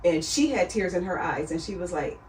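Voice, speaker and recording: Middle-aged woman guest, earnest and lively, recorded in an echoey room at a distance. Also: lowish voice, brisk, slight background noise. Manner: earnest storytelling, animated when quoting others. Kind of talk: casual chat. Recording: roomy sound, far from the mic.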